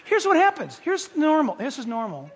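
A man preaching a sermon, animated and playful, acting out little scenes and dropping into whispers for effect. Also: extremely high pitch, normal speed. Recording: hall reverb, from a distance.

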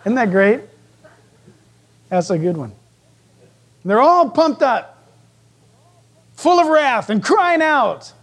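Animated, joking male preacher. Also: very high-pitched. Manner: animated, joking, acts out voices. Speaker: pastor. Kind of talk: sermon.

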